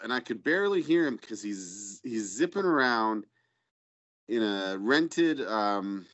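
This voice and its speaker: A man's voice: lowish voice, expressive, unhurried, fairly bright tone. A man co-hosting a casual podcast, telling a crude story in a rambling, profane way. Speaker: podcast co-host. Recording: dull lo-fi audio.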